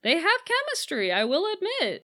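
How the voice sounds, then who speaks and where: A young woman co-hosting a casual chat about a film, opinionated and quick to act out the characters' lines. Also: very high-pitched, wildly swooping pitch, sharp tone. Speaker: podcast co-host.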